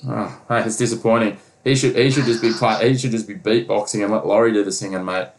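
Man, low voice, monotone, casual sports chat, lots of ums. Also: fast, low-quality recording. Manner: rambling with many fillers. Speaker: podcast co-host.

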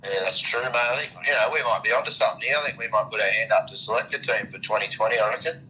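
A man's voice: lowish voice, steady tone, very fast, pushed and bright, poor audio. An Australian man co-hosting a sports talk show, easygoing and agreeable in casual chat. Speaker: sports radio co-host.

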